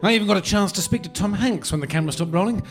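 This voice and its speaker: A man's voice: high-pitched, very fast, soft background music. A man playing an eager, self-deprecating former film extra in a live comedy reading. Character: eager male bit-part film extra.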